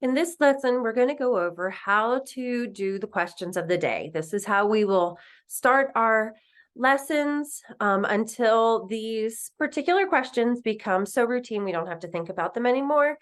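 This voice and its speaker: A woman teaching a recorded French lesson, patiently explaining and repeating phrases slowly. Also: on the high side.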